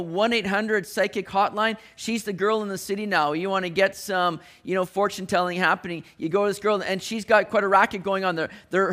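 A man delivers a sermon in a relaxed, talky way, stumbling over and restarting his phrases. His voice sits high for a man, and he throws in everyday slang as he explains the story. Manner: conversational, frequent restarts, modern slang asides. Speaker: preacher.

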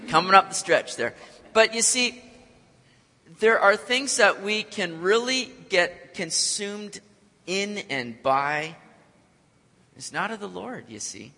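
A man's voice: on the high side, vocal fry, pushed and bright. A man preaching a sermon with energy and joking with the congregation. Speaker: pastor. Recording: long hall reverb.

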